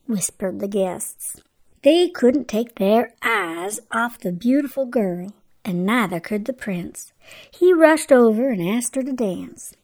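A woman hosting a children's radio show, telling a bedtime story gently and sometimes dropping to a whisper. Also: a little high, lively intonation, takes it slowly, creaky.

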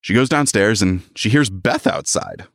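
A man's voice: on the low side, animated, gravelly, a bit bright, no room sound, studio quality. Man casually recapping a story. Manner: retells the plot, acting out lines in quick voices. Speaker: podcast co-host. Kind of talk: casual book recap chat.

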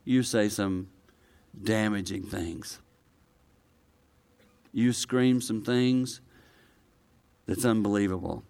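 A male pastor preaching a conversational sermon to a live congregation, swinging from quiet, low delivery to loud, high-pitched excitement. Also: slow, gravelly, pauses often. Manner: conversational, personal preaching with direct address.

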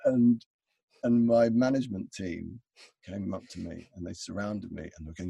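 Gravelly deep-voiced man. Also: normal speed, no echo. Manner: animated anecdote-telling with frequent restarts and laughter. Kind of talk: conversational storytelling.

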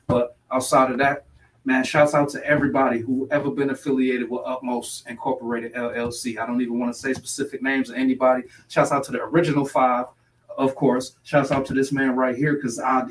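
A man's voice: medium pitch, level tone, fairly quick, far from the mic, slight background noise, poor audio. A man speaking as a podcast guest in a preachy, motivational way, repeating his sayings. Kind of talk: casual podcast talk.

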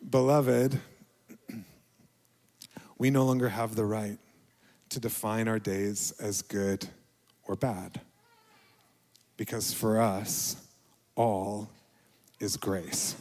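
A middle-aged male pastor giving a reflective, confessional sermon, with quiet dips to near a whisper. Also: on the low side, steady tone, very slow, long pauses, long reverb tail.

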